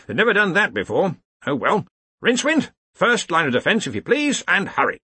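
Hearty head wizard, raised pitch, loud and bossy, husky tone, put on by a male narrator. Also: huge pitch swings, brisk, dry recording, heavily acted. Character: bluff, commanding head wizard, older man.

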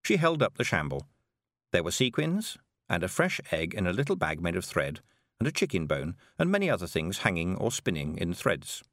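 A man with a low-pitched voice narrates an audiobook in an expressive, storytelling style at a normal pace. The recording is studio quality, with no room sound.

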